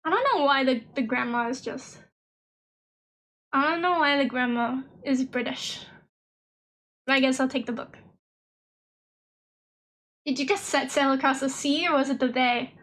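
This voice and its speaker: A young woman chatting through a game on stream in a high, bright voice. She is giggly and loose, trailing off mid-sentence and circling back to her point. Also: unhurried, long pauses. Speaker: vtuber streamer. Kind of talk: casual game stream chat.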